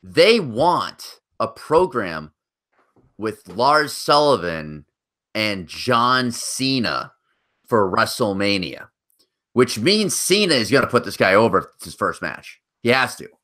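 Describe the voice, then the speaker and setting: Bright-voiced man swapping wrestling rumors. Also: lowish voice, very animated, slow. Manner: profane, rumor-sharing banter. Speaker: podcast co-host. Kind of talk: casual chat.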